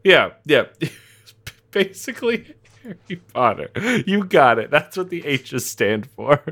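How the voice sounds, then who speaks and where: A man co-hosting a comedy podcast in casual chat, profane and quick to laugh as he tells a story. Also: on the high side, very animated, fairly bright tone. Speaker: podcast co-host.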